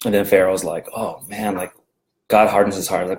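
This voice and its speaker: Man, lowish voice, chatty home devotional talk, loose and rambling, many ums and restarts. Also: level tone, normal speed, a little mellow, a little hiss or hum, rough recording. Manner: rambling, conversational, frequent fillers and restarts. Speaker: devotional video host.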